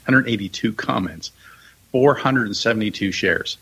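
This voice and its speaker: A man co-hosting a podcast, telling a story in a joking, halting way. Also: lowish voice, creaky, pushed and bright, husky, low-quality recording. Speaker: podcast co-host. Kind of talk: casual chat.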